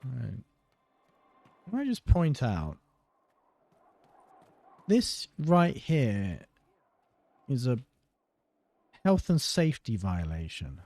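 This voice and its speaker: A man's voice: mid-range voice, wildly swooping pitch, unhurried, pauses often, mellow, no echo. Casting: man, dry, offhand game commentary, close and dry-sounding mic. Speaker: gameplay commentator. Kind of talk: casual let's-play commentary.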